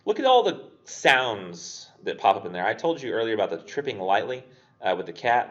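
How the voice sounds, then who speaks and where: Chatty low-voiced male instructor, lo-fi. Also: big pitch swings, brisk, a bit bright. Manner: chatty, many fillers, acts out quotes. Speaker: English instructor. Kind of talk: casual recorded literature lecture.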